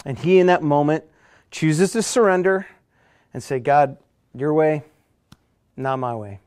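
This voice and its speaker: A middle-aged male pastor preaching a sermon in a conversational way, dropping to a hush and then rising loud. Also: fairly high pitch, a little slow. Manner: conversational preacher, dynamic swings from hushed to loud.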